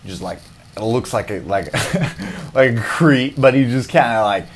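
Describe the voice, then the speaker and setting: A man rants on his comedy podcast, profane and rambling, with frequent laughs. His voice sits at an ordinary, middle pitch. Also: big pitch swings, unhurried, slightly rough. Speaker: podcast host. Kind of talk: casual comedic rant.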